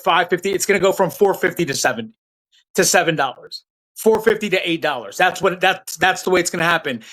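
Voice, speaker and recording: Heard through poor audio, a man with a high, slightly bright voice hosts political commentary live. He's blunt and heated with his chat, slinging loose slang and restarting his lines.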